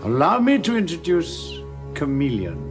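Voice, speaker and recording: An actor playing a suave, scheming male villain in a 1980s TV drama, with a smooth, theatrical delivery over music. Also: on the high side, wildly swooping pitch, normal speed. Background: music score.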